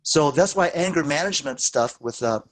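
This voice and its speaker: Animated male therapist telling stories. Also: normal speed. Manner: animated storytelling, acts out quoted lines with big pitch jumps. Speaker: therapist and lecturer. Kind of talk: teaching workshop with anecdotes.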